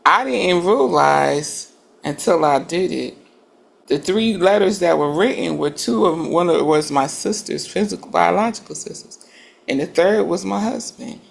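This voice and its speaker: A woman's voice: on the low side, lively intonation, moderate pace, vocal fry. A woman in a casual group discussion, making earnest points and building up to them with emphasis.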